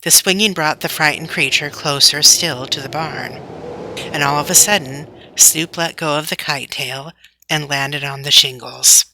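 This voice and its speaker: A woman narrating a classic children's book aloud in a steady storytelling manner. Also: low-pitched, a little slow, creaky, background noise. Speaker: audiobook narrator.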